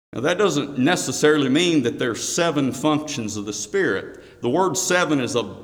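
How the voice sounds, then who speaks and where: A man preaching a sermon. He reads scripture aloud in a raised voice, then explains it slowly. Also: medium pitch, fairly bright tone, long reverb tail.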